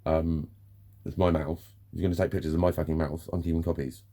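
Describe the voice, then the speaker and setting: A man's voice: extremely low pitch, little pitch movement, fast, mellow. A man in a candid vlog monologue, frank and ranting, swearing often as he vents. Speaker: vlogger.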